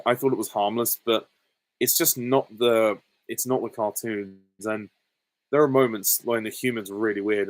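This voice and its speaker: Casting: male streamer, lowish voice, casual candid Q&A, dry close mic. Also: no room sound, low-quality recording. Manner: chatty, reads questions aloud then answers candidly. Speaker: host of a live Q&A stream. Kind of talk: casual chat answering viewer questions.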